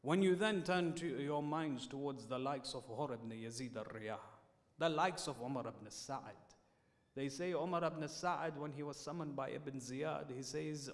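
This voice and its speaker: Preacher with dramatic, ringing storytelling. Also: male voice, mid-range voice, measured pace. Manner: storytelling with dramatic rises and drops. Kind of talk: sermon. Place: mosque hall. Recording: long reverb in a mosque hall.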